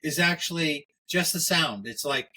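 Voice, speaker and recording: A man tells crude jokes on a casual podcast. He rambles and stops to restart his sentences. His voice sits slightly high for a man. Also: pushed and bright. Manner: rambling, halting storyteller with restarts. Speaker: podcast co-host.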